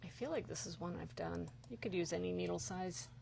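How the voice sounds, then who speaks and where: A woman's voice: on the low side, creaky, darkish tone, breathy edge. A woman co-hosting a yarn shop live stream, chatting casually and agreeing readily with the host. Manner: supportive, quick to agree. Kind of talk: live-stream product chat.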